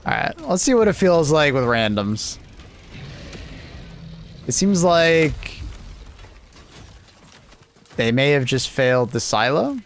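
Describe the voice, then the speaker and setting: A man's voice: a little high, animated, slow, long pauses, a little hiss or hum. A man chatting casually on a gaming livestream, sleepy and laid-back, swearing and teasing himself as he plays. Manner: profane, laid-back, self-mocking banter. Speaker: streamer.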